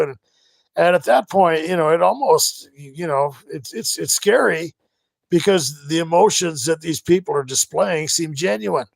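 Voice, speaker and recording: A middle-aged man hosting a live stream, talking casually and rambling with many halting restarts. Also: on the high side, creaky, no room sound. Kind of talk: casual livestream monologue.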